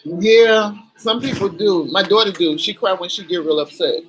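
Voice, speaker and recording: A middle-aged woman vlogs to her camera, chatty, emotional and candid, swearing casually along the way. Her voice sits mid-range and moves at normal speed, and the recording is low quality.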